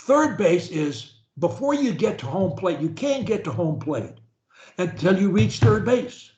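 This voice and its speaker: Animated, preachy male speech coach. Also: sits high, a little slow, roomy sound. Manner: animated, preachy, swings from loud to whispered. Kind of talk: coaching session over video call. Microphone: video call.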